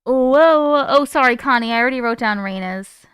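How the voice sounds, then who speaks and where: Young woman streamer chatting w viewers, excitable, swears a lot, highish smooth voice. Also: normal speed, no echo, studio quality. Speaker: livestream host. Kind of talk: casual livestream chat.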